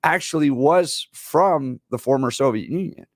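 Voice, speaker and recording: A man in his forties co-hosting a talk radio show, telling stories in an animated way with laughs. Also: mid-range voice, unhurried, no echo, studio quality. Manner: animated storyteller, laughs while telling anecdotes. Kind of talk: casual talk radio banter. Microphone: studio microphone.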